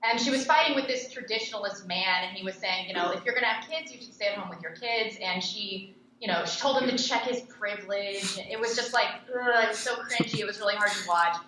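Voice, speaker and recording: A young adult woman, a podcast host appearing as an interview guest, answers questions bluntly and scornfully in a mid-range, bright, forceful voice at a fairly quick pace. The room is echoey with faint noise.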